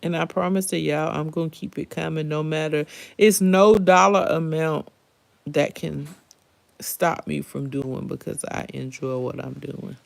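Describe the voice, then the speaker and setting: A woman's voice: low voice, fairly even intonation, unhurried, vocal fry, dry recording. A middle-aged woman hosting a live stream, chatting candidly and emotionally straight to her viewers. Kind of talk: casual live-stream chat.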